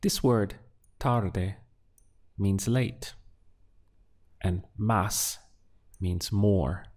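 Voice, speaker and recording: A man teaching a beginner language lesson, asking patient prompts and then giving clear model answers. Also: lowish voice, drawn-out words, darkish tone. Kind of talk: slow, deliberate language lesson with pauses.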